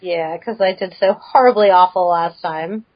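A woman's voice: lowish voice, moderate pace. Chatty woman on a dull call line. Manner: chatty, laughs easily. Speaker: podcast co-host. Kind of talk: casual chat. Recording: dull muffled call audio.

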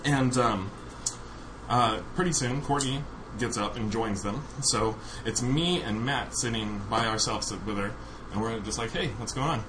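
A man's voice: medium pitch, a little slow. A man casually telling a funny story on a podcast, laughing often as he goes. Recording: noisy recording.

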